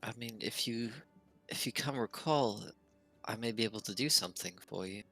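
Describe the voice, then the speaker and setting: A man playing a wizard in a tabletop game, talking in character in an earnest, halting, curious way. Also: on the low side, fairly bright tone, faint music behind. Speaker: player. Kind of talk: in-character tabletop role-play.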